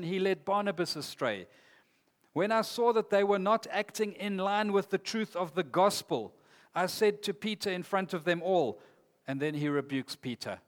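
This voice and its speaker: A man preaching a sermon in an earnest, emphatic way, reading scripture aloud. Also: fairly high pitch. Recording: long hall reverb.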